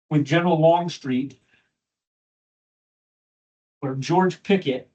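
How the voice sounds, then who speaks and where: A man's voice: on the high side, poor audio. A man teaching a history class, telling a battle story with strong feeling and acting out the quotes. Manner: emotional storytelling, acts out quotes.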